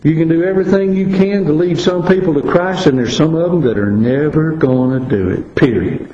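A man preaching a sermon, earnest, dropping to quiet asides and rising to stress warnings. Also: fairly high pitch, fairly quick, echoey room, dull audio.

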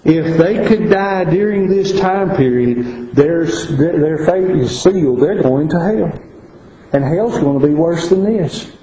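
High-voiced man preaching in an echoey room. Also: unhurried, dull audio, slight background noise. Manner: earnest, swings between quiet asides and rising emphasis. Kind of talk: sermon.

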